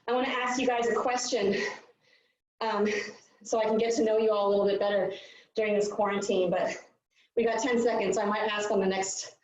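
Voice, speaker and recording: A woman's voice: fairly high pitch, very echoey, far from the mic, rough recording. Breathless woman coaching a home workout. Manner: upbeat, counting down reps while exercising. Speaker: fitness coach. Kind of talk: live workout instruction.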